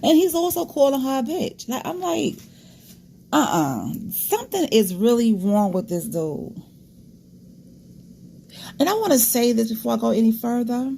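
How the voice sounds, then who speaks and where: Woman host, gravelly tone, frank casual commentary to her audience. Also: on the high side, big pitch swings, unhurried, pauses often, dark tone, slight background noise. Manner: candid, disgusted asides, talks straight to viewers.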